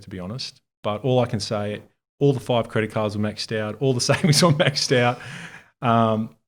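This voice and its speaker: Animated man telling a story in an interview. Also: on the low side. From Bosnia and Herzegovina. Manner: animated, laughs often, acts out other people's lines; informal, swears casually. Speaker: interview guest, art supply store founder. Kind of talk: casual storytelling in a podcast interview.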